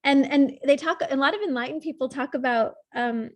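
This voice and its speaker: A woman trauma coach guiding a client in a coaching session, speaking gently and earnestly, as if over a video call. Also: high voice, brisk, no room sound. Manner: gentle, tender, earnest explaining.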